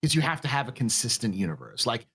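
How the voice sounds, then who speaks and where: A man's voice: medium pitch, big pitch swings, fast, a bit bright, breathy edge. A man co-hosting a live-stream chat, explaining at length with restarts and stretched words. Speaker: podcast co-host.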